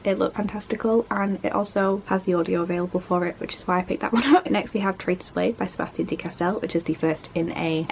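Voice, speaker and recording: Chatty woman with a gravelly voice. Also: on the low side, fairly even intonation, slight background noise. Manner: chatty, rambling, quick, self-mocking. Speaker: book vlogger. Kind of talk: casual chat.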